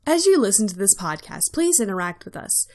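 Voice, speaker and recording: A woman co-hosting a podcast, cheerful and welcoming, speaking in casual, excitable chat. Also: medium pitch, fairly quick. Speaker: podcast co-host.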